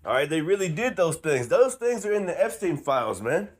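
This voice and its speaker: Reading from scripture and adding his own commentary, a man grows more fervent and preachy, laughing a lot and finishing lines with "man." His slightly high voice is very animated and fairly quick.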